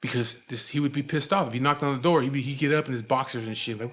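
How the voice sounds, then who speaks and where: A man in his forties from Southern California tells a story in a loose, casual way. He swears often and keeps dropping fillers. His voice sits at an ordinary middle pitch. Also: fast talker, hardly any pauses. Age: 40s. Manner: laid-back and profane, with frequent fillers.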